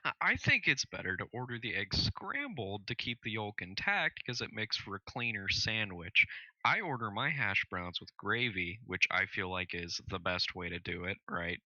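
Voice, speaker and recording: A man co-hosting a casual podcast, blunt and quick to swear, often laughing. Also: lowish voice, sing-song, pushed and bright, no room sound, dull audio. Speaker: podcast co-host. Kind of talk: casual chat.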